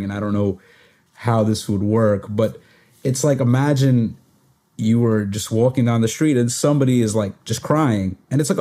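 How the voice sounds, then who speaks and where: A man's voice: fairly low pitch, dark tone. A young man hosting a podcast, talking reflectively with many fillers and restarts. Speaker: podcast host. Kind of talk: reflective conversational sharing.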